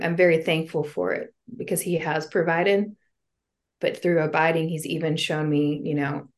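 Earnest lower-voiced woman sharing testimony. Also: a little mellow. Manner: earnest and heartfelt, with casual fillers. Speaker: interview guest. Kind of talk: personal faith testimony.

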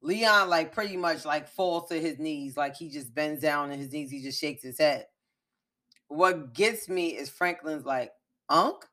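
A woman podcast host recapping a TV episode in casual chat, animated, emphatic and profane. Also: deep voice, unhurried.

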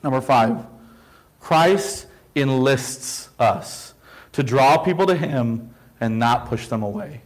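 A man's voice: mid-range voice, slow pace, poor audio. A man, a pastor preaching a sermon with emphatic rhetorical questions and repeated phrases.

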